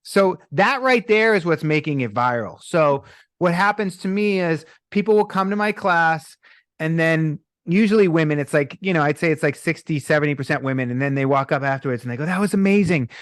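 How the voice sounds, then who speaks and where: A man's voice: on the high side, a little fast, dry recording, studio quality. A middle-aged man, a breathwork coach in a podcast interview, telling stories and acting out the people in them. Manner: animated storytelling, acts out quoted people.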